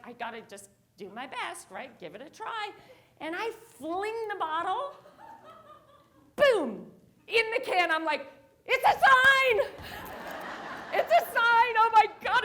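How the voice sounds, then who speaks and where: A woman giving a keynote talk to a live audience, telling a story and acting out the quotes in it. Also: sits high. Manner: animated, acts out quotes in her story. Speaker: motivational speaker. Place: stage before a live audience.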